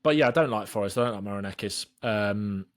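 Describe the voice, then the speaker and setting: A young man, co-hosting a casual football podcast in a relaxed, bantering way. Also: on the low side, fast talker. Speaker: podcast co-host.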